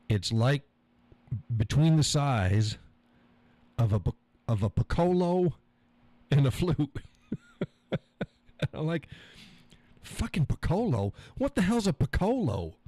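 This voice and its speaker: A man's voice: fairly low pitch, darkish tone, no room sound. A man hosting a live stream, rambling and chuckling as he reads viewer comments. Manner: chuckling, rambling, joking with profanity. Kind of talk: casual chat reading viewer comments.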